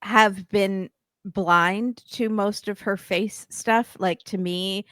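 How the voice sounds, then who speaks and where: A woman in the guest chair chats casually in a mid-pitched voice, recorded dry and close. She trails off, restarts her sentences and laughs along with the host. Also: fairly even intonation, takes it slowly, fairly bright tone, no echo. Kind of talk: casual chat.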